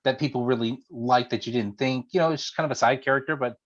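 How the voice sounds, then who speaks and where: A man's voice: medium pitch, fast. A man hosting a casual interview, rambling and rephrasing his questions as he asks them. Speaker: interview host. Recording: dull lo-fi audio.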